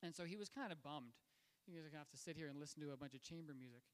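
Guy giving a sermon, high voice, lots of uhs, big hall echo. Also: racing, clear, resonant tone. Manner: conversational, with frequent fillers and restarts. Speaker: pastor. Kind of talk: sermon storytelling. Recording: long hall reverb.

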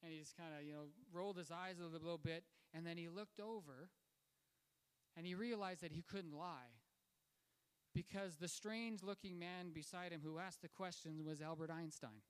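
A man's voice: a little high, normal speed, clear, resonant tone. A man preaching a sermon and telling a story in a conversational way, with fillers and restarts. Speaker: pastor. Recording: long hall reverb.

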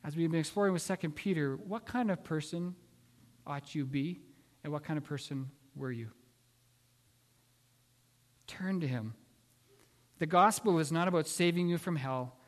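A man preaching a sermon, telling a story in an earnest, halting way with many restarts. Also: on the high side, long reverb tail. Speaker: pastor.

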